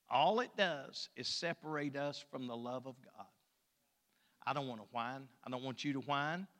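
Older man, preacher; folksy humor, loud-soft swings, long reverb. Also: high-pitched. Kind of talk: sermon.

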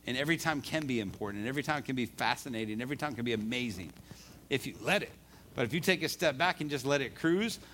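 A man's voice: mid-range voice, a bit bright, slight background noise. A man preaching a sermon in a conversational way, repeating words as he talks and reading scripture aloud. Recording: live service recording.

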